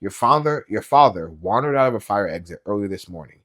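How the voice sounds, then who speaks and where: A man's voice: lowish voice, animated, brisk, a bit bright. A man reading aloud, voicing a tense, curt female police officer who speaks in a clipped, condescending way. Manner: clipped, condescending, over-enunciated.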